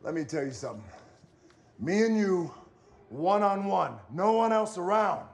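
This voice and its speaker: An actor playing a tough, burly male lawman who delivers a slow, deliberate threat in a film scene. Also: high-pitched, animated. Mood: menacing.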